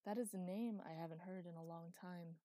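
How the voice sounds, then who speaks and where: A woman's voice: fairly low pitch, steady tone, normal speed, warm tone, no echo, clean studio sound, lightly acted. Woman voicing an eerie ancient spirit. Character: ancient male spirit speaking through a possessed girl.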